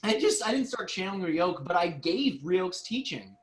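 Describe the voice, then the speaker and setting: A man's voice: high voice, sing-song, moderate pace, rough recording. A man co-hosting a spiritual group call, telling casual stories in a chatty way and laughing often. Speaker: co-host.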